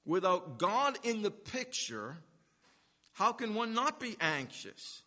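A man preaches in a high, bright voice, unhurried and deliberate. His words ring out with a long reverb, as in a church sanctuary. He is earnest and emphatic, stretching the words he wants to land. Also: big pitch swings. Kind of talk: sermon.

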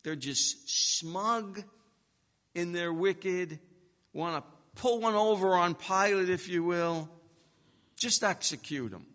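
A man preaches an expository sermon in a bright, forceful, fairly high voice. He speaks emphatically and builds to hard-driving peaks. His words ring out with a long reverb, as in a large hall. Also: slow.

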